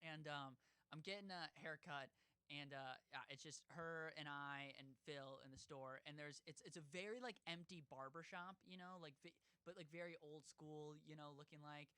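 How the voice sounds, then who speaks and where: Young guy telling a long rambly story on a podcast, bright voice, dry close sound. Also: moderate pace, clear, resonant tone, no room sound. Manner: rambling, swears, jumps into high voices for quotes. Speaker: podcast host. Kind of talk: casual storytelling chat.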